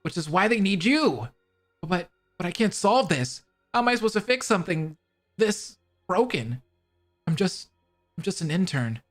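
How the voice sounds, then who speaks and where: A man's voice: high-pitched, big pitch swings, moderate pace, faint music behind. A man voicing an anxious young male superhero intern in a fan voice drama, with shaky, stammering speech. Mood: despairing.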